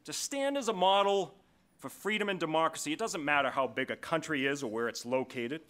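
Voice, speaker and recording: A man stands at a formal dinner and introduces the evening's keynote speaker in a prepared, measured speech. His voice is bright and sits a little high. He slows down to lean on key phrases. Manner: measured, slowing for emphasis. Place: large banquet hall.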